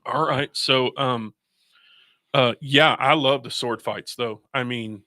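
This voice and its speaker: A man's voice: medium pitch, takes it slowly, sharp tone, dry recording, studio quality. A man hosting a radio show in casual chat, rambling through stories with restarts and laughs. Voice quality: gravelly. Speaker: radio host.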